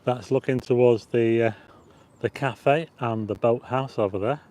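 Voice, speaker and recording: A livestream host walks through a city park on a live vlog, chatting and rambling, greeting viewers and reading out the chat. His medium-pitched voice is mellow and unhurried, captured by a plug-in mic on a phone with a stabilizer.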